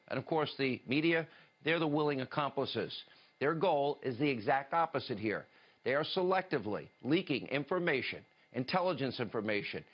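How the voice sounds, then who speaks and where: A man delivers a forceful, scripted political commentary in the manner of a TV news host. He leans hard on key phrases with mounting indignation and reads quotes aloud. His voice sits at a middle pitch and sounds dull and lo-fi, like a replayed broadcast. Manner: emphatic, indignant, quoting statements.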